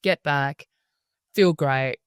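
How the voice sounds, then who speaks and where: An Australian woman speaking as a podcast guest, telling stories in a lively, chatty way and laughing often. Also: low-pitched, extremely slow, clean tone, dry recording, clean studio sound. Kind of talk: casual interview storytelling.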